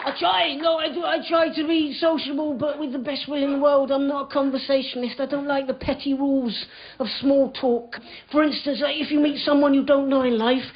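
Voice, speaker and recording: A man's voice: very high voice, level tone, fairly quick. A man doing a stand-up comedy set with a dry, sardonic delivery, acting out little dialogues on a club stage. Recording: lo-fi live club recording with crowd noise. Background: audience laughter.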